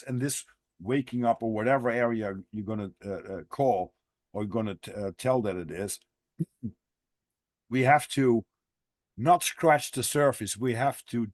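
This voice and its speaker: A man hosting a podcast, talking in a rambling, halting way with lots of restarts in a casual interview. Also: mid-range voice, no echo. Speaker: podcast host.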